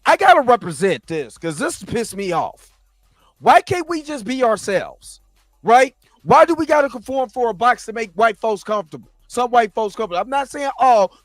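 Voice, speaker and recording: Fired-up high-voiced man ranting. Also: no echo. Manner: impassioned, ranting, stumbles and restarts. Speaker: host of a reaction show. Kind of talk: heated reaction commentary.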